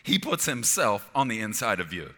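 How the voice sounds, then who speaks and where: A male pastor preaching a sermon, emphatic and conversational, sometimes dropping to a hushed voice. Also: fairly low pitch, big pitch swings, normal speed, in a large hall.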